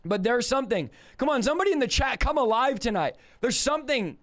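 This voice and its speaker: A man with a strikingly high voice preaching on a live stream. He swings between fired-up shouting and quieter rhetorical questions, like a revival preacher. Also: expressive, quick pace, few pauses.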